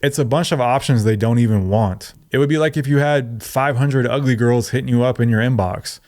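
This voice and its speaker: A man's voice: medium pitch, fairly quick, darkish tone. A man hosting a reaction video, giving blunt, mocking commentary and laughing often. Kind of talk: casual commentary.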